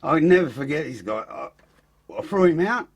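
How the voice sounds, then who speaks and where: A man with an Australian accent, a podcast guest telling an animated story full of swearing and acted-out quotes. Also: a little high, moderate pace, breathy edge. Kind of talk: casual storytelling.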